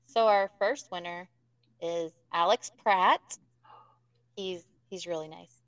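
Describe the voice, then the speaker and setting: A woman's voice: on the low side, slow, fairly bright tone, smooth, no echo. A woman co-hosting a casual live podcast, chatty and self-deprecating as she announces winners. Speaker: podcast co-host.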